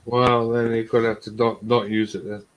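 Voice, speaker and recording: A man's voice: mid-range voice, level tone, crowd noise. A laid-back man chatting casually with friends, calling them mate. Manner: slow, laid-back, calls people mate.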